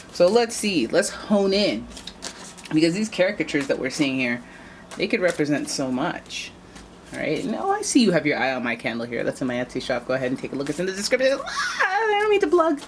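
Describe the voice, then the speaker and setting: A woman with a low voice reads tarot cards in a casual, chatty way. She talks straight to her viewers and wanders into playful asides, with a faint hiss in the background. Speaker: tarot reader. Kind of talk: casual tarot reading to camera.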